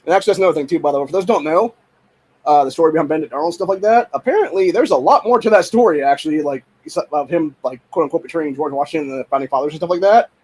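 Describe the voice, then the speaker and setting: Brief: young male host, high and quick, heated profane rant that often turns to shouting. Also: breathy edge, rough recording. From Ohio. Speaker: podcast host. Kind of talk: angry political rant.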